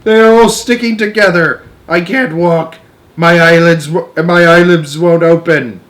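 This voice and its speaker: A man voicing a frantic, boastful male centipede in a storybook read-aloud, shrill and panicky. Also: steady tone, measured pace, a bit bright. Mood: panicked.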